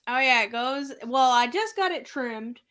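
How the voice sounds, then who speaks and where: Soft-spoken woman co-host. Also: high-pitched, animated, a little slow. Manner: soft-spoken, trailing off quietly. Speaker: podcast co-host. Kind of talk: casual chat.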